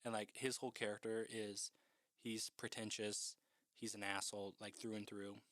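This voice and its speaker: A man's voice: fairly low pitch, level tone, moderate pace, a bit bright, dry recording, studio quality. A man casually recapping a horror film in a chatty, profane way, with lots of "like".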